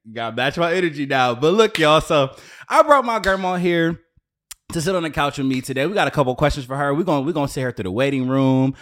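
Brief: energetic male podcast host, very expressive pitch, teasing and warm with his guest. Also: quick pace. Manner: animated, playful, hypes the guest. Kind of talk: casual podcast chat.

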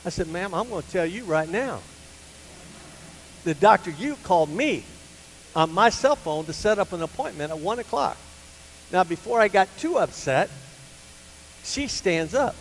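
An older man, a pastor, telling a personal story in a sermon to a church, animated and rising to loud, emphatic peaks. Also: fairly high pitch. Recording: hall reverb with faint hum.

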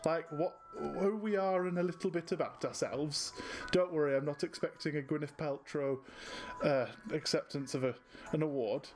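A man's voice: a little high, steady tone, moderate pace, music in the background. A man hosting a tabletop game podcast as game master, opening with jokey, self-mocking banter. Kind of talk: casual podcast introduction.

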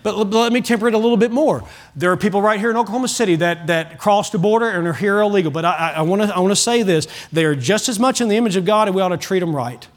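A middle-aged man preaching a sermon to his church, telling animated stories and often repeating words as he starts a line. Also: high-pitched, fast. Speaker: pastor.

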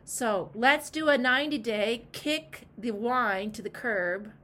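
A woman's voice: fairly high pitch, takes it slowly, a bit bright. A woman coaching a client in casual talk, emphatic and direct, with frank asides. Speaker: life coach.

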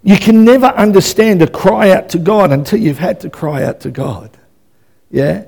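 Male pastor, high and gravelly voice, fervent sermon delivery with stop-start repeats. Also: normal speed. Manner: impassioned, swinging between loud and hushed; repeats and restarts words.

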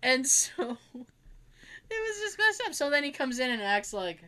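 A young woman with a bright, high voice chats casually. She tells family stories with lots of energy, puts on voices for her relatives, and laughs and swears freely. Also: big pitch swings, normal speed. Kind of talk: casual storytelling chat.

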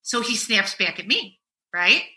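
A middle-aged woman hosting a podcast as a therapist, telling stories in a casual chat and swinging between loud and hushed. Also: medium pitch, big pitch swings, measured pace, low-quality recording.

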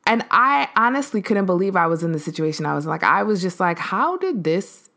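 A woman hosting a podcast, telling a story in a casual, animated way, acting out the voices of the people in it and using lots of fillers. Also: on the low side, fast talker, creaky. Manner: animated, acts out quoted voices, frequent fillers. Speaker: podcast host.

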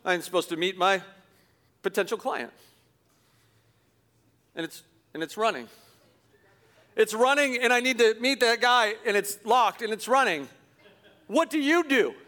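A middle-aged man, a pastor, telling a self-deprecating story in a sermon, animated and chuckling as he goes. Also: high-pitched, measured pace, pauses often. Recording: long hall reverb.

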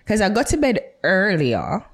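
A young adult woman with a Jamaican accent, co-hosting a podcast in casual chat, animated, blunt and teasing. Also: medium pitch, normal speed. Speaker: podcast co-host.

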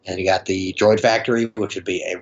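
This podcast guest talks fast in a deep voice with fairly even intonation. Chatting casually, he rambles and laughs playfully and often, and the audio sounds dull and lo-fi.

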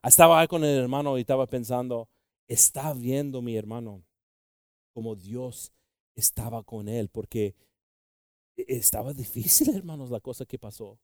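Guy preaching a sermon, gets loud then drops way down quiet, dry close sound. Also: fairly quick, no room sound. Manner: impassioned, swinging between loud exclamations and low, quiet asides.

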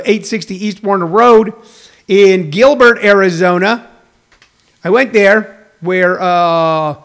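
Chatty high-voiced man hosting a livestream. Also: a bit bright. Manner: rambling, chatty, frequent restarts and fillers. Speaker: livestream show host. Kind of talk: casual chat to live viewers. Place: home in a hot desert region.

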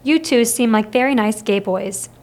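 A woman voicing a chatty older man on a train, friendly and rambling, lowering her voice slightly. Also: moderate pace, darkish tone, close to an everyday voice.

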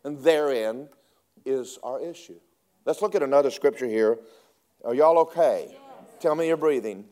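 A man preaching a sermon, swinging between loud emphatic lines and hushed asides. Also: medium pitch, moderate pace, long pauses.

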